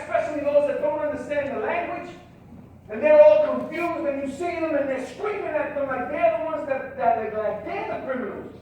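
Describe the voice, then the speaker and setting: A middle-aged man, a social worker, giving a motivational speech and telling stories with passion that rises to loud emphasis. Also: very high-pitched. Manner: impassioned storytelling, rising to loud emphasis. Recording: very echoey hall, distant mic, faint noise.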